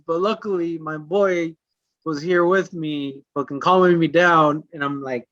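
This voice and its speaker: Profane, animated storytelling man, muffled sound. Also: on the high side, measured pace, no room sound. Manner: animated, swears constantly, acts out quotes. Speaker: podcast co-host. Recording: dull lo-fi dry sound.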